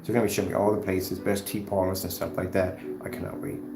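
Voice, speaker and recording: A man's voice: sits low, little pitch movement, fast talker, creaky, roomy sound, very noisy. A man talking off the cuff in a vlog, combative and repetitive, trash-talking his rivals before drifting into loose chat. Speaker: screen paint maker and vlogger.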